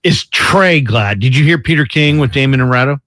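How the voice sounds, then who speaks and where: A man's voice: mid-range voice, moderate pace, dry recording, studio quality. A man co-hosting a sports radio show, telling stories and giving opinions in casual banter. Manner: lively storyteller, opinionated.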